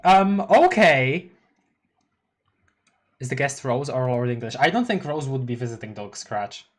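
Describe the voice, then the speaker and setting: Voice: medium pitch, lively intonation, fairly quick. A streamer doing a live read-along of a webcomic, chatting casually, laughing often and reacting aloud.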